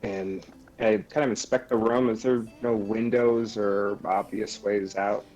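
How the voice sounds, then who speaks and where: A man's voice: lowish voice, fairly even intonation, unhurried, darkish tone, lo-fi sound, faint music behind. A man playing a tabletop game, working through plans in a practical way. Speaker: player. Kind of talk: casual tabletop play.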